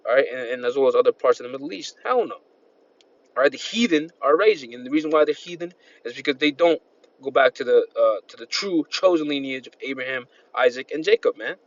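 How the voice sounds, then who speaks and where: A man's voice: mid-range voice, expressive, fairly quick, muffled recording. A man preaching an informal sermon, reading scripture and rambling with constant "man" and "all right" fillers. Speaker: street-style preacher.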